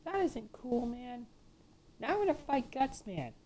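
A woman with a high voice narrating her gameplay, ranting and cursing at the enemies as she goes. She takes her time with each line, and her tone is mellow and dark rather than bright. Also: sing-song, unhurried, breathy edge. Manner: ranting, frequent swearing at the game. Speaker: let's play gamer. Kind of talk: gameplay commentary.

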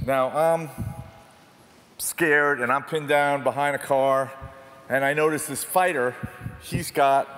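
A man speaking on stage as a photojournalist, telling war stories in an animated, self-deprecating way. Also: mid-range voice. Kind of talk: storytelling talk on stage. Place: large theatre hall. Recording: distant reverberant hall, faint noise.

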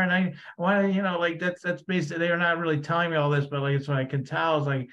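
Guy hosting a spiritual podcast, kinda high voice, rambling chat, muffled lo-fi audio. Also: little pitch movement, fast, hardly any pauses, fairly bright tone. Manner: rambling, with many restarts and fillers. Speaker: podcast host. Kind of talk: casual conversation. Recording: dull lo-fi sound.

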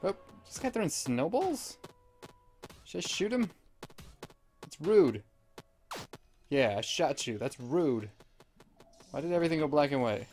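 A man giving let's play commentary, rambling with deadpan absurd jokes. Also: fairly high pitch, a little slow, long pauses, soft background music. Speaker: gamer.

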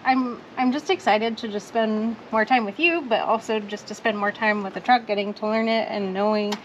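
Woman, mid pitch, curious and upbeat co-host, clear outdoor noise behind her. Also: moderate pace, rough recording. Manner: curious, encouraging, lots of short acknowledgements. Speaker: vlog co-host, learner. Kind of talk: casual chat.

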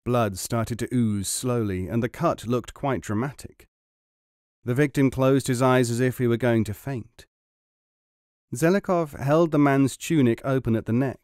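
A male audiobook narrator with a measured, even delivery. His mid-pitched voice is recorded close and dry, with no room sound. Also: dry recording.

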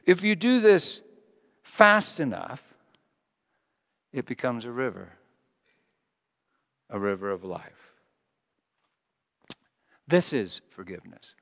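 A man preaching a sermon as pastor, impassioned, swinging from loud emphatic peaks to hushed lines, and telling a story along the way. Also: mid-range voice, animated, slow pace, pauses often, long reverb tail.

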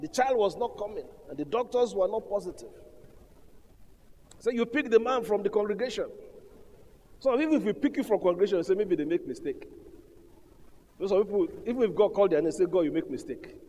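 A man preaching an emphatic sermon, calling out to his congregation. His voice sits high. The sound carries a long reverb from a large hall. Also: quick pace, pauses often, a little mellow. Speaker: pastor.

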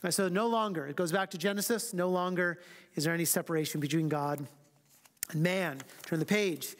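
A man teaching a church Bible class as pastor, reading scripture slowly and with emphasis, then talking quickly and casually. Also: high-pitched, fairly bright tone, long reverb tail.

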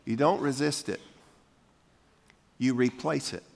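Long reverb from a church sanctuary surrounds an older man's gravelly, mid-range voice as he preaches slowly. Folksy and persuasive, the pastor gets his congregation to echo lines back to him.

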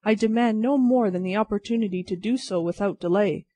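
Brief: a reader doing a bewildered thirties male prisoner, earnest and pleading, mid pitch, dry sound. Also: brisk, mellow, dry recording, close to an everyday voice. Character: Charles Darnay, man in his thirties, bewildered emigrant prisoner. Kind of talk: audiobook reading.

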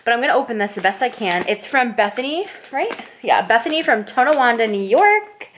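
A woman's voice: fairly high pitch, brisk, a little hiss or hum. Gushing young woman vlogging at home. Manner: gushing, excitable, lots of "like". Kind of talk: casual vlog talk to camera. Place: at home at night. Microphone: camera mic, handheld and tripod.

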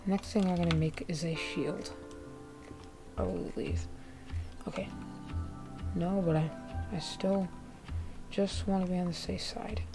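Woman w a gravelly lowish voice chatting thru her game, laid-back n joking, music playing under it. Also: fairly even intonation, measured pace, long pauses. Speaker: gaming video creator. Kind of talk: casual gameplay commentary. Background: background music, keyboard typing.

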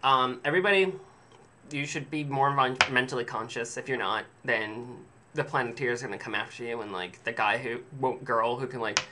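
A man's voice: mid-range voice, a little fast, heavy background noise. A man telling a rambling, sarcastic story to camera in a casual vlog, swearing freely. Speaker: vlogger.

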